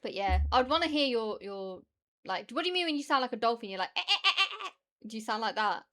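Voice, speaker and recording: A woman's voice: a little high, lively intonation, quick pace, fairly bright tone. A British woman streamer chatting casually and rambling, laughing often as she reacts to her chat.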